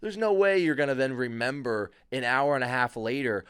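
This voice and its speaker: Ranting, profane young podcast host. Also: male voice, mid-range voice, normal speed, few pauses, a bit bright, smooth, dry recording, clean studio sound. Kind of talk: casual solo podcast monologue.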